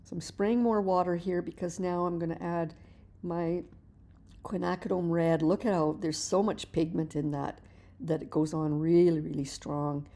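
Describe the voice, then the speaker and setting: A middle-aged woman teaching mixed-media painting in a relaxed, chatty voice-over, explaining each step as she works and often restarting her words. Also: on the low side, moderate pace. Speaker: art teacher.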